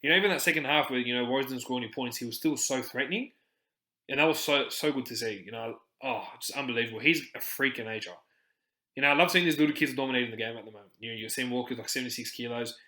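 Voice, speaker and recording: A man's voice: mid-range voice, quick pace, bright, forceful tone, echoey room, low-quality recording. A man hosting a casual sports podcast, talking passionately with many restarts. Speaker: podcast host.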